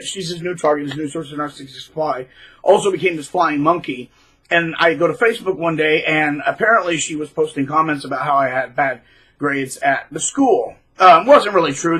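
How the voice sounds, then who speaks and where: A man talks straight to his viewers in a loose, rambling monologue, stumbling over repeated words and filling gaps with ums. His voice is fairly high and husky, with a bright, tense edge. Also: poor audio. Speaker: channel host. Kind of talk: casual monologue to camera.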